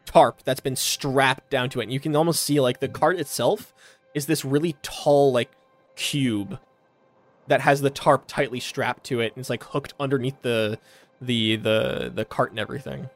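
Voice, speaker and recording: A male game master describes the scene for his players, halting and full of fillers as he works it out. Faint music plays behind him. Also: medium pitch, fairly even intonation. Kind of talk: narrating a tabletop game.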